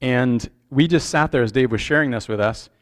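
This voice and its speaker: A man's voice: mid-range voice, moderate pace. Conversational male pastor preaching a sermon. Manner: conversational, earnest, asks the congregation questions.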